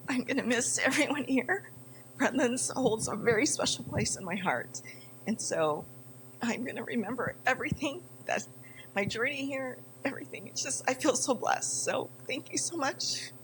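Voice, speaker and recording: An older woman giving emotional, halting farewell remarks at a city council meeting, close to tears. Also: on the high side, expressive, fairly bright tone, a little hiss or hum, low-quality recording. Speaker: retiring city employee.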